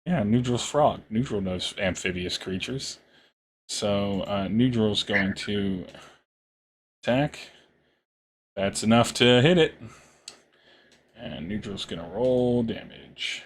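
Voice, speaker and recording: A man with a low voice narrates combat as game master, taking his time and stumbling through fillers and chuckles. Faint noise sits under the recording. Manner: halting, many fillers, chuckling.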